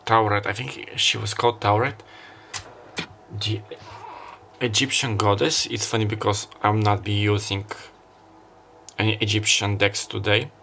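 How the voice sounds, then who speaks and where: Low-voiced man giving a rambling tarot reading. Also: flat delivery, measured pace, gravelly, long pauses, bright, forceful tone, a little hiss or hum. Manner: meandering, thinking aloud with fillers. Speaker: tarot reader. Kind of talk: casual intuitive tarot reading.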